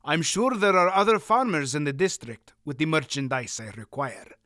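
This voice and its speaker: A man's voice: a little high, normal speed, bright, forceful tone, dry recording, clean studio sound. A man reading as a cold, curt, scarred foreign male merchant with a heavy accent.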